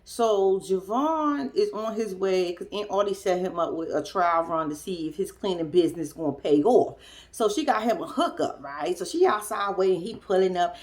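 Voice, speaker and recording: A woman's voice: mid-range voice, expressive, normal speed, darkish tone. Blunt, slangy woman recapping a show. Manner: candid and blunt, slangy, with cussing; chatty, addresses viewers directly. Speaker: reality show recap host. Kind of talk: casual recap commentary.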